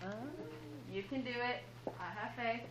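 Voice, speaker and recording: A woman's voice: a little high, normal speed, background noise. A woman teaching a math class in a classroom, upbeat and playful as she joins in the students' jokes. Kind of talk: classroom lesson.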